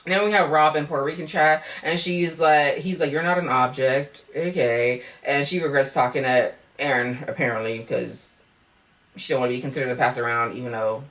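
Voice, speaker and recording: A woman's voice: very deep voice, fairly even intonation, moderate pace, fairly bright tone, far from the mic. A young woman recapping a reality dating show in a casual vlog, blunt and sassy, swearing freely and ending her points with "okay?" and "girl".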